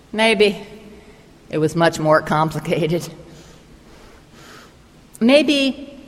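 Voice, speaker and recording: A woman's voice: medium pitch, big-room sound. A woman preacher giving a sermon as a vivid, imaginative retelling of a story.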